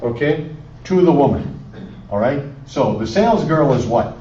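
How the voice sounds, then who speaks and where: A man's voice: medium pitch, lively intonation, normal speed, mellow, slight background noise. Male Spanish teacher, quizzing style, muffled lo-fi classroom recording from afar. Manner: questioning, coaxing students with repeated prompts. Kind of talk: classroom lesson. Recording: echoey room, distant lo-fi camera audio.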